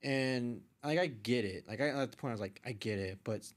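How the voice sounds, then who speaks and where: A young man, a podcast guest, casually telling a story with lively quoted voices and frequent swearing. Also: mid-range voice, a little fast. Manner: animated retelling, acts out quoted voices, swears freely. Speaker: podcast guest, artist and photographer.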